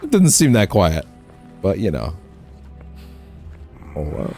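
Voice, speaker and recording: A man's voice: low-pitched, huge pitch swings, takes it slowly, long pauses, over music. A man casually commenting as he streams a game, rambling and often restarting his phrases.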